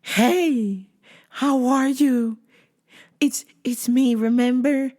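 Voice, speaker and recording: Woman doing a high, slow, syrupy church lady: clingy and over-sweet. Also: steady tone, darkish tone, exaggerated voice. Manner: slow syrupy sing-song, drawn-out blessings. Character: creepy overfriendly churchy woman customer.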